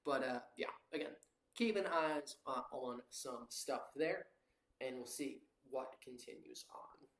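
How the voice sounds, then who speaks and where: Over a live watchalong, an amateur commentator calls play-by-play with a medium-pitched voice in a roomy-sounding, rough recording. His delivery is casual and rambling, full of fillers and quick self-corrections.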